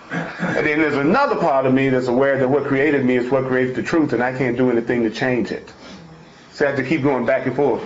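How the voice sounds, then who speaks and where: Emphatic man in an echoey room. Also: mid-range voice. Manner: emphatic and repetitive, restating each point; folksy, informal phrasing. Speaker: spiritual teacher. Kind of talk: spiritual talk, reading and explaining a text. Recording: echoey room, dull lo-fi sound.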